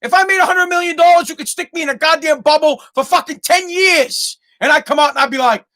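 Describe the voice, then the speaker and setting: A man's voice: very high voice, fast talker, bright, forceful tone. A man hosting a solo podcast, ranting heatedly and swearing constantly. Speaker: podcast host. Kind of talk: profane solo podcast rant.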